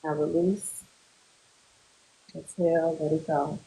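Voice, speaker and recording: Woman therapist, slow unhurried delivery, calm guided relaxation instructions, group session over a video call. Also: low-pitched, gravelly, rough recording.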